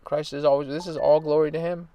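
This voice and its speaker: A man in his thirties telling a long, animated, rambling story about his own career in casual talk. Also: on the high side, fast talker, no room sound. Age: 30s. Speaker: baseball player and coach.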